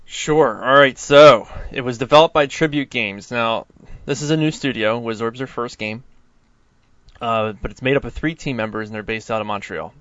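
Enthusiastic co-host, smooth dry voice. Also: male voice, medium pitch, moderate pace, fairly bright tone, dry recording. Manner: enthusiastic, lots of likes and ums. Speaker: podcast co-host. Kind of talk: casual podcast chat. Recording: dry, slightly dull mic sound.

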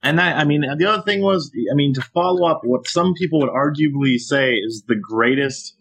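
A man's voice: a little high, a little fast, creaky, fairly bright tone, breathy edge. A man co-hosting a gaming podcast in casual chat, rambling and chatty, laughing as he talks.

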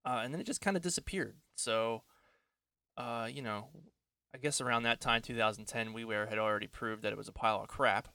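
A man co-hosting a casual podcast chat from home, rambling, self-deprecating, and quick to laugh. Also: medium pitch, bright, forceful tone. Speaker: podcast co-host.

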